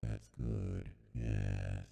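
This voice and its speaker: A man using a voice changer to sound like an evil, dark-voiced robot, speaking slowly and playfully. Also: little pitch movement, creaky, breathy edge, in a large hall, exaggerated voice. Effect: deep robot voice changer.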